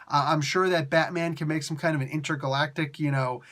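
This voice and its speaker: A man's voice: on the high side, fairly even intonation, a little fast, a bit bright. Ranting, sarcastic male comic reviewer. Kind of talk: casual spoken review.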